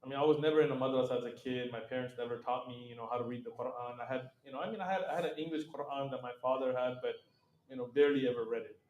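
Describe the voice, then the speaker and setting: A middle-aged man as an interview guest, telling stories in a lively, casual way, acting out quoted voices and laughing often. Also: medium pitch, very fast, roomy sound, lo-fi sound.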